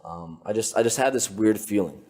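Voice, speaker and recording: A young man, a podcast guest, telling a story in a loose, animated way, full of filler words. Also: fairly low pitch, fairly quick. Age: young adult. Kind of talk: casual storytelling. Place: his apartment.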